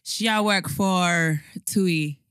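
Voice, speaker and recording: A young woman, co-hosting a podcast in casual chat, animated and playful as she tells stories. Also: on the low side, very slow, smooth, no echo, studio quality. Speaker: podcast co-host.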